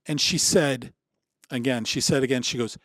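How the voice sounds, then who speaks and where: This podcast guest, a man in his sixties from Michigan, shares a personal story in a relaxed conversation. His medium-pitched voice moves at normal speed, captured in a dry, clean studio recording, and he lively acts out others' dialogue while frequently starting over.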